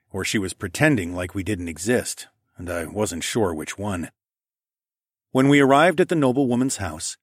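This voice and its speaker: A male narrator reads a first-person fantasy audiobook in a steady, even voice. His pitch sits on the low side. The recording is dry and close. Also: dry recording.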